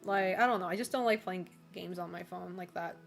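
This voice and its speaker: This streamer has a fairly low voice with vocal fry and speaks fairly quickly as she chats casually with her viewers. She's loose and filler-heavy, using "like" and "you know" constantly, laughs often, and has faint music behind her.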